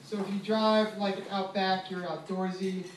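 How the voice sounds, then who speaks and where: A man's voice: high-pitched, level tone, normal speed. A man in his twenties, a law student, doing casual and profane stand-up comedy with lots of fillers at an open mic. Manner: casual, profane, self-deprecating delivery with many fillers. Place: small comedy venue with live audience. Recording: echoey room from far off, noisy.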